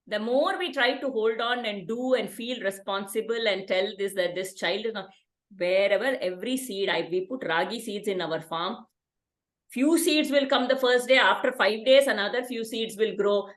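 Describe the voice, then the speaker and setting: A woman's voice: medium pitch, moderate pace. Woman, Indian English accent, middle-aged, reflective, echoey room. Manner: calm, reflective, repeats words for emphasis. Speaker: parenting workshop facilitator. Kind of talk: reflective conversational talk.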